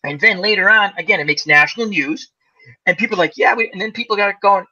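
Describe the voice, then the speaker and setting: A man hosting a casual fireside chat, telling a long story in an animated way, acting out the voices of the people in it and laughing often. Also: high voice, fast talker. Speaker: host. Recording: lo-fi muffled audio.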